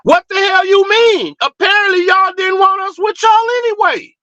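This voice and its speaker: A man with a very high, sharp-toned voice hosts a livestream at normal speed, recorded dry with dull audio. He delivers a heated rant that is fired-up, blunt and profane, full of rhetorical questions.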